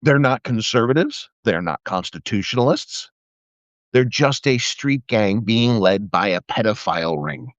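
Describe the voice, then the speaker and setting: A middle-aged man, formerly a police officer, rants about politics on a live video in a low-leaning voice with lively intonation and a measured pace. He's profane, sarcastic, and fond of mocking voices; the phone or webcam captures a dull, dry sound with no room sound.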